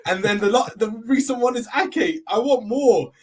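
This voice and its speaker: A man's voice: very high-pitched, animated, moderate pace, husky. A man in a casual football chat, eager and emphatic, repeating his points. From half Dutch.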